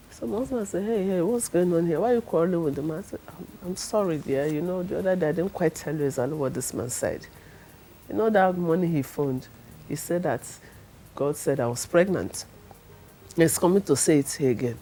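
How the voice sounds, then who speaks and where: A middle-aged woman, telling her testimony in a lively way and acting out the people she quotes. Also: on the low side, brisk, slight background noise, low-quality recording. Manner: acts out the people she quotes, laughs often. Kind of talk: animated storytelling.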